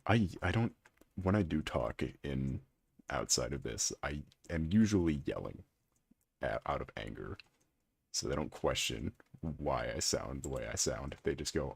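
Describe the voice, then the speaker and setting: Brief: male streamer, rumbling ultra-low voice, husky and gravelly, dry close sound, casual teasing chat. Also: lively intonation, measured pace. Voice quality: extremely deep gravelly voice. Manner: chatty, teasing, reads and answers chat aloud. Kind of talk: casual live-stream chat while playing.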